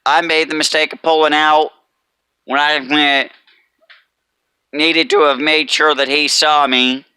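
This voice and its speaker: A truck driver, as a man puts him on calmly explains what went wrong and owns his share of the blame. The voice is bright and very crisp, and the recording is dry and close. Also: on the high side, measured pace, no room sound. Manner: plain, calm and owning up. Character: male truck driver owning up to a mistake.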